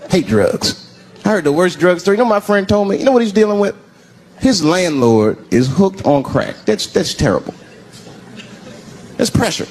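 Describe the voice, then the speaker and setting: A man performing a stand-up comedy set on a live stage, telling stories in an animated way and slipping in and out of voices. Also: fairly high pitch. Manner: animated storytelling, swinging between voices. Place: live stage before an audience. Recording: live stage with crowd noise. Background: audience laughter.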